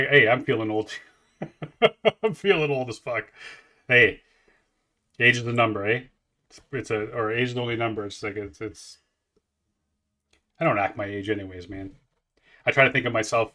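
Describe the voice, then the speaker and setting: A man's voice: medium pitch, pushed and bright. A man in his forties hosting a music reaction, rambling casually with lots of swearing and restarts. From Canada. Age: 40s. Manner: rambling, profane, many restarts.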